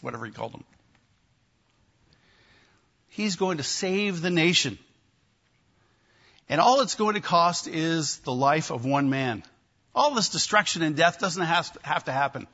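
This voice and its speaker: A man preaching a sermon, emphatic and animated, with wry asides to his listeners. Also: fairly high pitch, unhurried, long pauses, lo-fi sound. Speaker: pastor.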